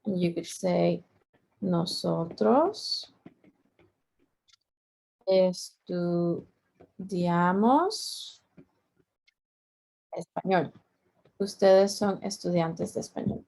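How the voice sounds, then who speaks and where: A woman's voice: lowish voice, flat delivery, moderate pace, creaky, warm tone, slightly rough. A middle-aged woman teaching a Spanish lesson, patiently repeating each point and drawing out the example words. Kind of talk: language lesson.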